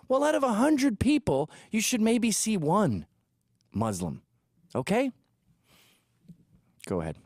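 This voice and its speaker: A man's voice: sits high, very animated, a little slow, pauses often, darkish tone, no echo. A man from England hosting a commentary show, reacting to video clips in a crude, sarcastic and mocking way. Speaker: host.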